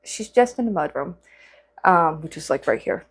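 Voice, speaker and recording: A woman's voice: lowish voice, expressive, normal speed, slightly rough. A woman chatting casually to camera while crocheting, rambling with lots of fillers and restarts. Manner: chatty and rambling, with many fillers and self-corrections. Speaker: vlogger.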